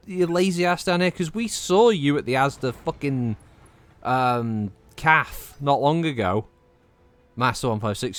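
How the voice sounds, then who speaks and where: This Northwest English man, speaking with a regional accent, streams a game and offers casual, rambling commentary full of swearing. His voice is mid-range with a clean tone.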